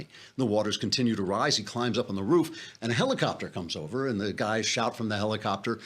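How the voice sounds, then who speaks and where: A man's voice: fairly low pitch, quick pace, hardly any pauses, fairly bright tone, breathy edge. A man hosting a political commentary podcast, delivering an impassioned, sarcastic monologue. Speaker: podcast host.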